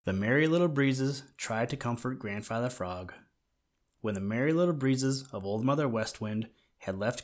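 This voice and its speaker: A man reads a children's story aloud in a gentle, measured way. His voice sits at an ordinary middle pitch for a man. The delivery is calm and even. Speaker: narrator. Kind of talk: storybook reading.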